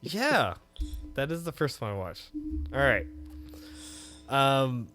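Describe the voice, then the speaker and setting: Over soft background music on a dry recording, a man co-hosting a podcast talks slowly in a medium-pitched voice. The chat is casual and animated, with free swearing and loud bursts of laughter.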